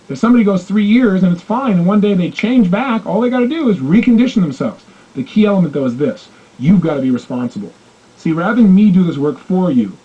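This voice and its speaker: High, lively, fast-talking male coach. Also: breathy edge, lo-fi sound. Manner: animated storytelling, acting out quoted dialogue. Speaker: motivational coach. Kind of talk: self-help audio program talk.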